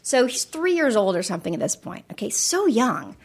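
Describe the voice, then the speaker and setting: A middle-aged woman with a fairly high voice tells a story in relaxed conversation. She is animated and lively, slipping into other people's voices as she recounts what they said. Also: brisk, husky. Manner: animated storyteller, acts out voices in her anecdotes. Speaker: guest. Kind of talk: casual conversation.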